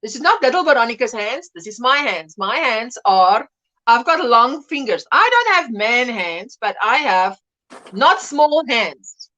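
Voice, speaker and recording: A woman's voice: fairly high pitch, big pitch swings, a little slow, sharp tone, muffled recording. A middle-aged woman hosting a casual livestream chat, reading viewers' comments aloud and laughing often. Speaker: livestream host.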